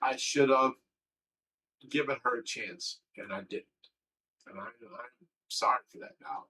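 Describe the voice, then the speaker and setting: A man's voice: medium pitch, measured pace, sharp tone, slight background noise, low-quality recording. A livestream host talking candidly and emotionally, rambling and swearing as he tells a personal story. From Ohio.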